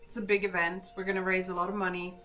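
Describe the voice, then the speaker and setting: A woman's voice: fairly low pitch, level tone, fast, sharp tone. A young woman from Gothenburg, Sweden, chatting casually with her stream viewers and answering chat. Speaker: livestreamer. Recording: distant mic with faint music.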